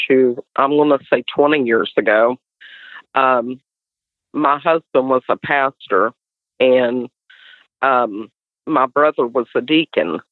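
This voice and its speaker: A middle-aged woman with a West Virginian accent, telling a story as an animated guest. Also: a bass voice, no room sound. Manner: animated storyteller, acts out others' voices. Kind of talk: casual storytelling. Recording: tinny dry phone line.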